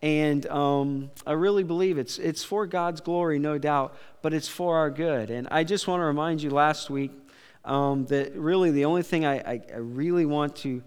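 A pastor preaching from the pulpit, telling a story in a casual, halting way with lots of restarts. His voice is smooth and resonant and sits a bit high for a man. The church sanctuary gives it a long, ringing reverb. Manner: casual, halting delivery with many fillers and restarts. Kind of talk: sermon.

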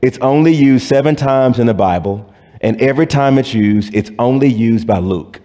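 A man preaching a sermon as pastor, talking to his congregation casually, acting out voices and dropping from loud and high to hushed and low. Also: normal speed, big-room sound.

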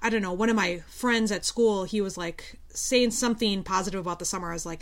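A woman's voice: mid-range voice, a little fast, few pauses. A young woman who teaches at a community college, co-hosting a podcast and telling candid stories in casual chat. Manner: candid storyteller, lots of fillers and quoted dialogue.

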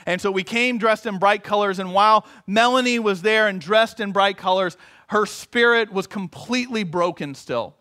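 A man preaching a sermon as pastor, telling a story in an earnest manner with long measured pauses. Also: high-pitched, bright, forceful tone.

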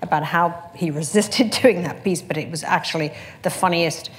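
A woman magazine editor in a panel conversation, telling brisk, chatty anecdotes and laughing often. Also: on the low side.

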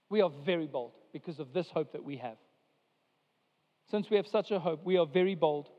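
A male pastor delivering a sermon to his church, preaching with emphatic rises and slow, drawn-out lines. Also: sits high, darkish tone. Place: church sanctuary. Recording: dull sound with long hall reverb.

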